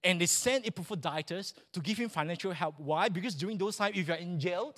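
A man preaching a sermon in church, animated and joking with the congregation. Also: high voice, fairly quick. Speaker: pastor.

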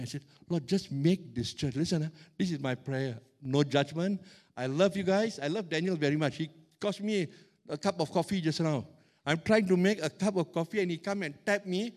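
A middle-aged man preaching a sermon as pastor, animated and emphatic, stretching out key words. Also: on the high side.

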